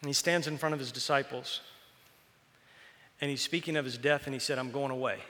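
A man preaching a sermon to a congregation, animated and joking as he tells stories. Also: medium pitch, fairly quick, in a large hall. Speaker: pastor.

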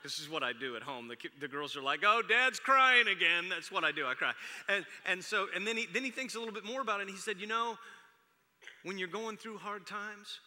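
This pastor's high voice races along with few pauses, bright and forceful. In his forties, he preaches through chatty, self-deprecating family stories, and the large hall gives it a long reverb.

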